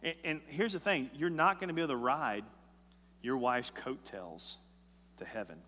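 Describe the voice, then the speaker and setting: A man preaching a sermon as a pastor, emphatic and swinging between loud and hushed lines. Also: mid-range voice, normal speed. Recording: echoey hall.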